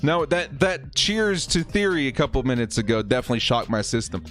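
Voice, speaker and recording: A man hosting a casual live watch-party stream, chatting excitably with viewers and laughing often. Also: medium pitch, a little fast, faint music behind. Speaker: livestream host.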